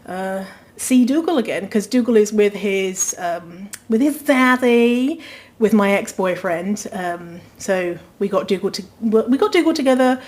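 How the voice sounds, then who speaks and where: Woman podcast host, casual rambling chat, fillers and swearing, mid-pitched voice. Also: darkish tone. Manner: chatty, rambling, swears freely, frequent fillers. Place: rented apartment during quarantine.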